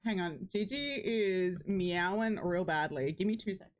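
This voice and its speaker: A woman's voice: medium pitch, a little slow, poor audio. A young woman streaming a farming game, chatting affectionately with viewers and calling them "lovely" and "darling". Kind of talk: casual live-stream chat.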